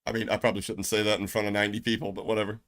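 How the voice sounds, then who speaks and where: A man's voice: on the low side, level tone, rapid-fire, a bit bright. A middle-aged man with a Southern US accent, ranting brashly and profanely on his livestream. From United States. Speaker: streamer. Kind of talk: casual livestream rant.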